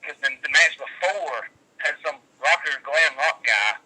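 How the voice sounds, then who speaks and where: Sharp-voiced man, profane storyteller. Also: fairly high pitch, measured pace, husky, low-quality recording. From West Virginia. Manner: profane, rambling, animated storyteller. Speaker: guest, wrestler. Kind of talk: casual interview storytelling.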